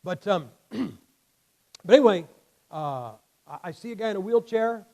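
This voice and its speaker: Older guy preaching, kinda high voice, blunt and folksy, vocal cords shot so he runs out of air. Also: animated, a little slow, vocal fry, darkish tone, low-quality recording. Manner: blunt, folksy, emphatic preaching with many restarts. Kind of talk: sermon.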